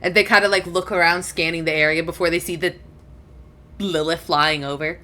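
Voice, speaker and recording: A woman's voice: lowish voice, fairly even intonation, a little fast, sharp tone. A woman narrating as game master in a chatty way, laughing often.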